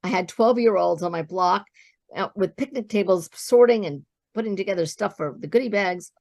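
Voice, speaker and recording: A woman guest in an interview, telling her own business story as an animated storyteller who acts out the dialogue she quotes. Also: medium pitch, normal speed, creaky, dry recording, studio quality.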